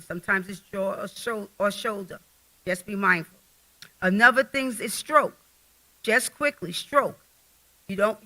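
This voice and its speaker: A middle-aged woman speaking to a conference crowd about health, direct and homespun. Her voice is very bright and forceful, with a tense edge. She sits in a plain middle register. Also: mid-range voice, rough recording. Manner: folksy and direct, speaks straight to the audience. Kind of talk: casual conference health talk.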